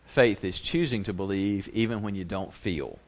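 A man's voice: lowish voice, normal speed. A male pastor preaching a sermon in a conversational way, slipping into the voices of the people he quotes.

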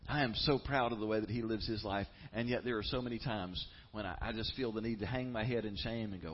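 A man preaching a sermon as a pastor, earnest and emphatic, with dramatic pauses. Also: on the low side, dull audio, a little hiss or hum.

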